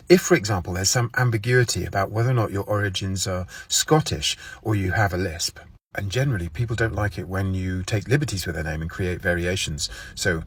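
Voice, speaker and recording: A man giving a deadpan, mock-serious lesson and acting out his example phrases with odd intonation. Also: fairly low pitch, a little fast, breathy edge, dry recording. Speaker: comedic explainer. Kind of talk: deadpan mock-instructional monologue.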